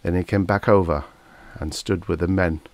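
A man reading a vintage science fiction story aloud as an audiobook narrator, in a measured storytelling manner. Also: low-pitched, fairly even intonation, no room sound. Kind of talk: scripted narration.

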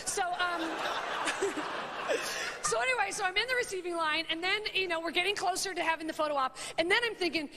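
A woman's voice: very high voice, brisk, bright, forceful tone. A woman in her thirties doing stand-up, rambling and self-mocking as she acts out the people in her story. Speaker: stand-up comedian. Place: stage before a live audience. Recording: audience laughter and faint noise.

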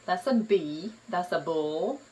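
A mother in playful talk with her baby, slow, sing-song and encouraging. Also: lowish voice, animated, darkish tone, far from the mic, a little hiss or hum, poor audio.

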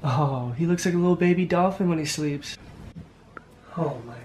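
A man doing improvised comedy bits with strangers, goofy and deadpan with absurd jokes. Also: a little high, moderate pace, echoey room, far from the mic, music in the background.

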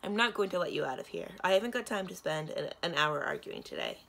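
A woman voicing a brisk, demanding young princess in a children's storybook. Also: on the low side, animated, vocal fry, fairly bright tone, heavily acted.

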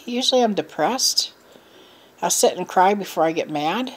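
A woman's voice: mid-range voice, expressive, normal speed. Frustrated middle-aged woman venting. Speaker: vlogger. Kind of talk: casual chat to camera.

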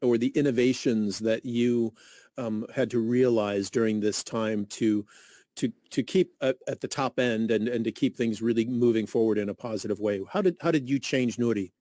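A man's voice: mid-range voice, moderate pace, warm tone, no room sound, clean studio sound. A man hosting a radio interview, welcoming guests and asking long, friendly questions. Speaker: radio host.

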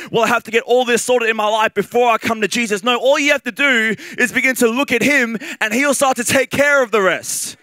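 A man with an Australian accent and a very high-pitched voice preaches a sermon in a lively, conversational way, full of fillers and repeated phrases. There's no echo on the recording.

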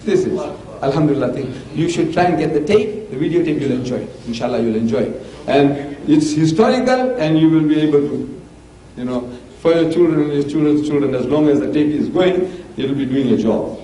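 A man's voice: fairly high pitch, lively intonation, a little fast, warm tone. An older man, giving an emphatic public lecture full of rhetorical questions. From South Africa. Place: mosque hall. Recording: echoey hall from far off, faint hiss.

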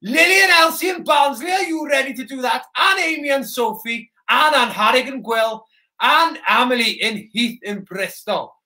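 Excitable, high-voiced Welsh man, shouting. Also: normal speed. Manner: excitable, shouty, chatty with viewers. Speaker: children's presenter in character as a soldier. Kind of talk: live interactive children's broadcast. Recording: roomy echo.

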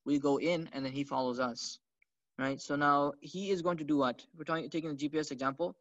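Fast-talking man giving a conversational lecture. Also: fairly high pitch, steady tone, fairly bright tone, dry recording. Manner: conversational, rhetorical questions with "okay?" and "right?". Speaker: Islamic teacher. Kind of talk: religious lecture. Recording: dull, slightly lo-fi dry recording.

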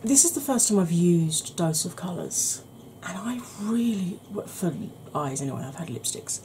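A woman talking softly in a casual ASMR makeup video, drifting into whispers. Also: on the low side, sing-song, normal speed, background noise. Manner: chatty, softly spoken with whispered stretches. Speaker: beauty YouTuber. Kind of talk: soft-spoken ASMR makeup chat.

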